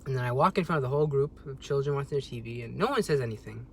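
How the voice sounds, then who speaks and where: A young man telling a story on a vlog as a rambling, agitated rant, with sudden loud jumps in pitch. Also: lively intonation, racing, creaky, slight background noise. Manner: rambling, with many restarts. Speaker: vlogger.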